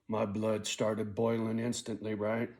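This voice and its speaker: A middle-aged man telling a personal story in a blunt, casual way, swearing a lot and often tagging his lines with "right?". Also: on the low side. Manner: blunt, heavy swearing, frequent "right?" tag; angry when telling the story, quiet and weary when reflecting.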